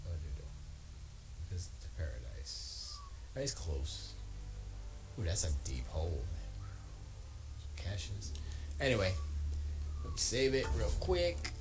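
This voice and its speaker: A man with an American accent streaming a video game from his home studio, rambling in a relaxed, slangy way. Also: deep voice, slow, gravelly, long pauses, low-quality recording. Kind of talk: casual gameplay commentary. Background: loud music.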